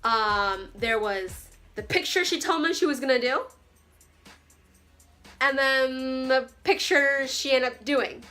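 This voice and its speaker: Bright-voiced young woman telling a story. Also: high-pitched, slow pace, soft background music. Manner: chatty, dramatic storytelling with slangy asides. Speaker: vlogger. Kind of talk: storytime vlog.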